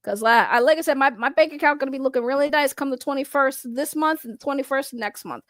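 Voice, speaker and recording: A woman's voice: sits high, quick pace, no echo. A woman doing casual livestream commentary, rambling and blunt, swearing freely and laughing often. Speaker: online commentator.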